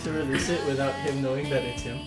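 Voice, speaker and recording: A man's voice: medium pitch, fairly even intonation, fast, echoey room, loud music behind the voice. A young man co-hosting a podcast in casual chat, asking eager, curious questions. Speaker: podcast co-host.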